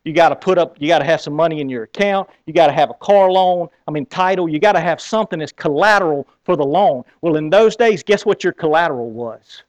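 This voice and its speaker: A man with a Southern accent preaching a sermon, telling a story with lively acted-out scenes. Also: fairly high pitch, fast talker, few pauses, no echo. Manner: animated storytelling, acting out scenes. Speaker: pastor.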